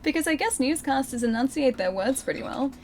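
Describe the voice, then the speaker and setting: A young woman streaming a game and chatting with viewers, speaking clearly with a slight lisp from her retainers. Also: high-pitched, animated, fairly quick, darkish tone, a little hiss or hum. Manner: clear, well-enunciated speech. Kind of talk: casual live-stream gameplay chat. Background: game music.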